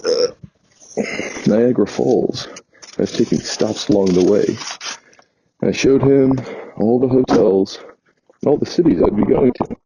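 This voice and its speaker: A New York vlogger tells a meandering travel story in a chatty way, often stopping to correct himself. His voice is low, measured and mellow, with vocal fry and frequent pauses. The recording is dull and lo-fi, with a little hiss or hum.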